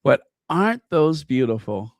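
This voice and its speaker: A man's voice: medium pitch, big pitch swings, unhurried, dry recording. Guy hosting a livestream, gushing, takes his time, dry close sound. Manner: effusive, gushing over gifts; talks to viewers by name. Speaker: channel host. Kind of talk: casual live-stream chat.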